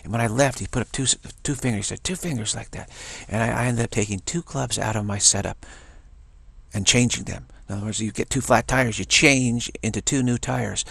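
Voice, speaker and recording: Man, heavy vocal fry, husky, dry close sound, rambling casual monologue. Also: medium pitch, fairly even intonation, brisk, a bit bright, no room sound. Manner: rambling, enthusiastic, frequent restarts.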